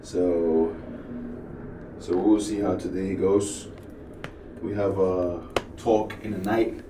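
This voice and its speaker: A man chatting in a vlog with a tired, unhurried, frank manner. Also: deep voice, level tone. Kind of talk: casual vlog chat. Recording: distant, roomy and noisy phone-camera audio.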